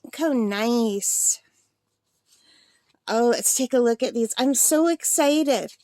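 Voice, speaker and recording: A sixty-year-old woman unboxing a birthday gift on her vlog, gushing with breathless excitement. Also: on the high side, slow, dry recording. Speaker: art supply vlogger.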